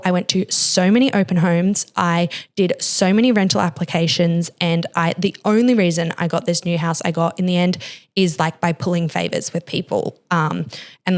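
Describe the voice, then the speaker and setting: Young woman, lowish voice, confessional podcast talk, lots of fillers. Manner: emotional, confessional, heavy use of "like". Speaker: podcast host. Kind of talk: candid personal podcast talk.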